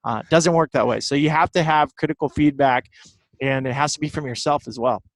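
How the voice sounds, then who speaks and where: Man, interview guest, fairly high voice, animated, dry recording. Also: a little fast, dry recording. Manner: animated storyteller, repeats words. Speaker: guest, baseball broadcaster. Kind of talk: casual interview chat.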